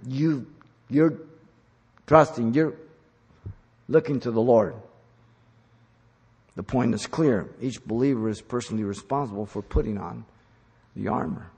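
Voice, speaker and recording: A man preaching a sermon, teaching in an emphatic style that rises to loud commands. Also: medium pitch, gravelly, breathy edge. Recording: long hall reverb.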